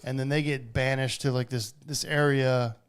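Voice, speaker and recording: A man co-hosting a casual podcast, excitedly recapping a movie with swearing and quoted lines. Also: mid-range voice, moderate pace, clear, resonant tone. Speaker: podcast co-host. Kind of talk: casual chat.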